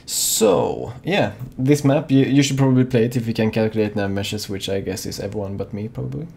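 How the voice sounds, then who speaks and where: A man's voice: fairly low pitch, brisk, vocal fry, a little mellow, breathy edge. A young man co-hosting a live gaming show in casual chat, rambling with lots of fillers and restarts. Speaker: co-host of a fan-made live gaming show.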